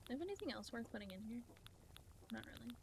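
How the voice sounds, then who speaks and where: A woman's voice: fairly high pitch, big pitch swings, fast, creaky, background noise. A woman livestreaming, chatting casually with her viewers as she plays, giggling often and swearing offhandedly. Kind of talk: casual chat while playing a game. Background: game music.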